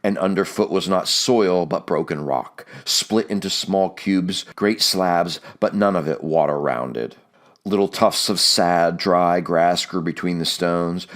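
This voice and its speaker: A man reading a novel aloud as an audiobook narrator, measured and steady. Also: low-pitched.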